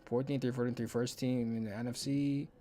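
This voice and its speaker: A man's voice: mid-range voice, steady tone, fairly quick, dark tone. A young man rambles through his solo podcast, cursing freely and counting things aloud as he goes. His voice sits in an everyday middle range, with a light hum of background noise behind him. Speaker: podcast host. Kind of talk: casual solo podcast chat.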